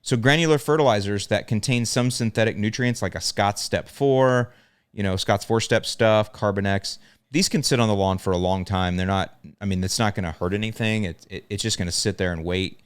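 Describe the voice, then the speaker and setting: A man's voice: lowish voice, fairly quick, smooth, no room sound, clean studio sound. A man hosting a podcast, answering questions in a plainspoken way and repeating his points for emphasis. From American South. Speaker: podcast host answering lawn care questions. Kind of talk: casual podcast talk.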